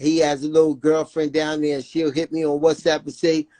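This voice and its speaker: A man's voice: a little high, flat delivery, a little fast, dark tone, no echo. Guy talking about his son in an interview, earnest, keeps saying you know what i'm saying, dry sound. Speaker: guest, father of a jailed son. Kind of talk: emotional interview talk.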